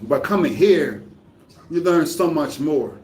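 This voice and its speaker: A man's voice: a little high, lively intonation, takes it slowly, darkish tone. A man in a casual vlog, reflecting to camera with many fillers and restarts; he is from the United States. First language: English. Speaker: vlogger.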